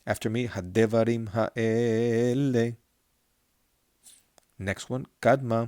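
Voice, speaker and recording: A man's voice: mid-range voice, flat delivery, warm tone, smooth, no echo. Middle-aged male teacher, patient call-and-repeat chanting lesson, resonant tone, close dry sound. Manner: patient, chants verses slowly then explains. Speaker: Torah cantillation teacher.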